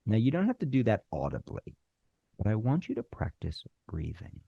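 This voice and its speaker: A middle-aged man teaching screenwriting, talking animatedly, with deliberate pauses and acted-out bits of dialogue. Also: on the low side, huge pitch swings, gravelly, slightly rough, no echo, lo-fi sound. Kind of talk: instructional talk.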